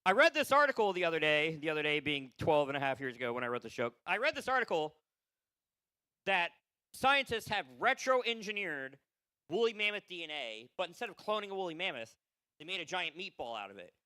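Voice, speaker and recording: A weary male open mic comedian rattles through a profane, rambling set. His voice sits high, swings widely and sounds bright and sharp. He laughs at his own jokes, and the sound is dry and close. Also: sing-song, fairly quick, smooth, dry recording. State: tired.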